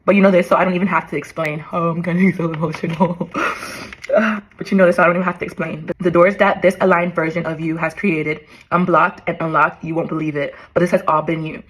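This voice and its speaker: A woman's voice: fairly low pitch, level tone, fast talker, poor audio. A young woman in her twenties vlogging as she reads an old letter to herself aloud, emotional, swearing and laughing in disbelief.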